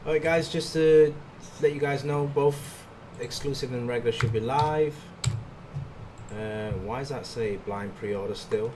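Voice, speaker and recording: Man, livestream host, relaxed announcer tone, average pitch. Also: measured pace, noisy background. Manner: relaxed, addresses viewers directly with updates. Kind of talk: casual live-stream announcements.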